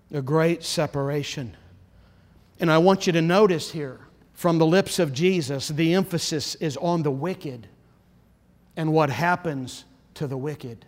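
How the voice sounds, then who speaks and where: A man preaching a sermon as pastor, earnest and insistent, often dropping to a low, solemn emphasis. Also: in a large hall.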